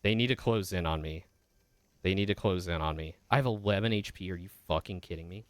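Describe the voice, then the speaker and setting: A man's voice: deep voice, fairly quick, a little hiss or hum. A man streaming a video game, chatting casually with viewers in a rambling way and often swearing when the game gets heated. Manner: chatty, rambling asides with many fillers. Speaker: vtuber streamer. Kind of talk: casual gaming stream chat.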